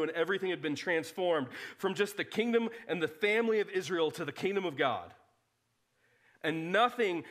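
A man preaching a sermon as a pastor, telling Bible stories with animated acted-out dialogue. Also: high-pitched. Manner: animated storytelling, acts out biblical dialogue.

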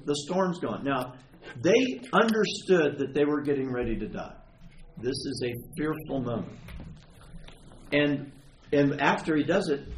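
A man preaching to his congregation, talking things through and asking questions in a lively, animated way. His voice sits a little on the high side and rings in a roomy church. Faint ambient noise lies under his words. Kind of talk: sermon.

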